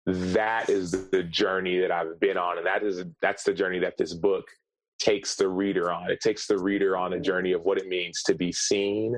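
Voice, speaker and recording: A man, a guest author, sharing a personal story in an earnest, halting way, often repeating words as he searches for them. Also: deep voice, level tone, no room sound, low-quality recording.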